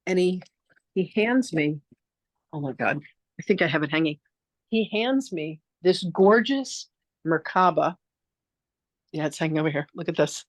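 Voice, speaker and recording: A woman with a low-pitched voice teaches a spiritual masterclass, speaking a little slowly with long pauses, and there's no echo. Her storytelling is lively, casual and frank, with the odd swear word, and she acts out the voices she quotes.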